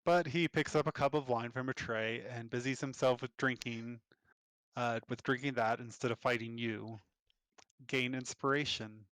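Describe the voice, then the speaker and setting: Easygoing game master, a man at a middle pitch, close and dry. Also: steady tone, moderate pace, a bit bright, no room sound. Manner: easygoing, laughs off his own slips. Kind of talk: casual game-master narration.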